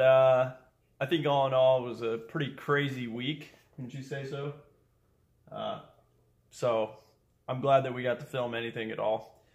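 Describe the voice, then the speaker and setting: A young man hosting a casual car vlog, talking excitedly and swearing casually. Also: mid-range voice. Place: outdoors at a garage and dyno shop.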